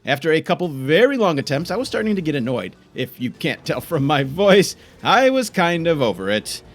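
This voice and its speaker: A man giving frantic live gameplay commentary, exclaiming and frustrated, later calmly narrating. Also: on the high side, moderate pace. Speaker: gaming YouTuber.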